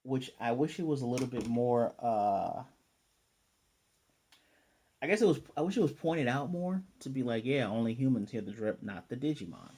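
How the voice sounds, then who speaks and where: Mellow-voiced man recapping an episode. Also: mid-range voice, animated. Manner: rambling, retells scenes with quick voiced asides. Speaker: anime reviewer.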